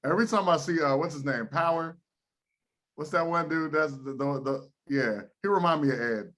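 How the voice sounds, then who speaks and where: A man's voice: a little high, moderate pace, fairly bright tone. A man guesting on a podcast, talking casually with blunt, profane teasing. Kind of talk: casual chat.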